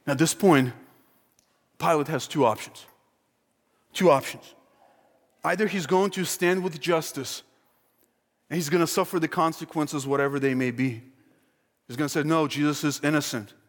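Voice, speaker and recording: A man preaching a sermon, emphatic and animated, acting out the voices in the story he retells. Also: a little high, moderate pace, long pauses. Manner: emphatic, animated, acts out quoted crowd and Pilate. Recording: long hall reverb.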